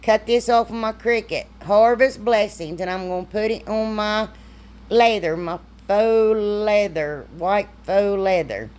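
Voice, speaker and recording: A woman's voice: mid-range voice, a little slow, a little mellow. A woman, chatty and self-deprecating, talking through a craft tutorial. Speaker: craft vlogger. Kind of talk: casual crafting tutorial voice-over.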